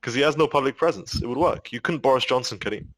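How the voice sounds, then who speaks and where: A man's voice: mid-range voice, fast talker, fairly bright tone. A man hosting a casual podcast chat with friends, joking, swearing and laughing often. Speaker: podcast host.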